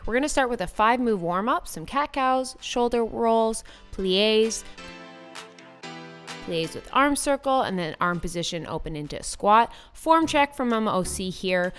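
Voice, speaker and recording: A young woman talks through her fitness routine in a breezy, chatty vlog voice at a middling pitch. She keeps it casual and loose, dropping plenty of "like" fillers, over faint background music. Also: fairly bright tone, clear, resonant tone. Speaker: fitness vlogger. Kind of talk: casual workout vlog narration.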